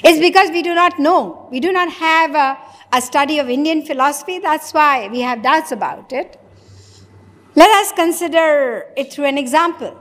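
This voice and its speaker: A woman with a high voice delivers a philosophy lecture to listeners. She poses rhetorical questions and acts out imagined conversations. Her voice rings with a long reverb, as if in a large hall. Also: fairly bright tone. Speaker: spiritual lecturer.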